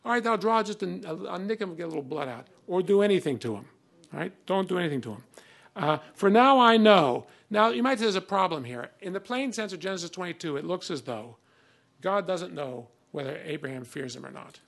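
A man's voice: high-pitched, animated, fast talker, gravelly. A man giving a conversational classroom lecture on old texts, reading passages aloud with emphasis between many fillers.

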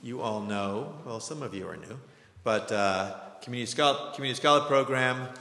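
A man's voice: medium pitch, normal speed, gravelly, bright, forceful tone. A man hosting a community lecture, giving announcements and introducing the speaker in a chatty way, with joking asides and plenty of ums. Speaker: program host. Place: lecture hall with audience. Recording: echoey hall with faint noise.

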